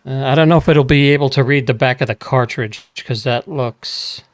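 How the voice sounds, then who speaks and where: A man co-hosting a podcast in casual chat, joking dryly with halting restarts. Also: mid-range voice, no room sound. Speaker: podcast co-host.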